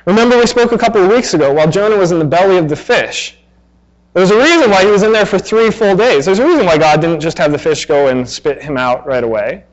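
A man's voice: high voice, animated, fast, muffled recording. A man in his thirties preaching a sermon in a conversational way, acting out exasperated asides. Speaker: pastor.

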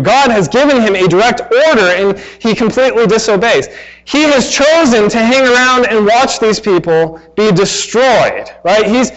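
A man's voice: high voice, highs cut off. A man in his thirties preaching a sermon in a conversational way, acting out exasperated asides. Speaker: pastor.

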